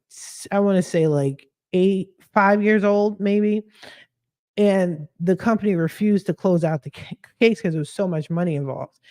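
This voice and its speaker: A woman's voice: fairly low pitch, no echo, clean studio sound. Slangy woman telling a story. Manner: animated, slangy, swears freely. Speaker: podcast host. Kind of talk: casual storytelling.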